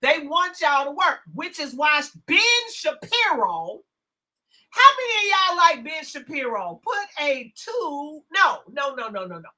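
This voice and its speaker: A brash woman rants to her livestream chat. Her high, bright voice leaps and dips with lively swings, and she drawls along at an unhurried pace. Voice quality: brash, profane, swings from loud to hushed asides. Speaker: livestream host. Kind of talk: casual livestream rant.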